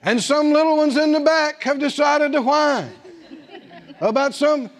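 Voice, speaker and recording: Male preacher, sermon, high voice, slow deliberate delivery, chuckling. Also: some chatter behind. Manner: animated, chuckling, drawn-out emphasis.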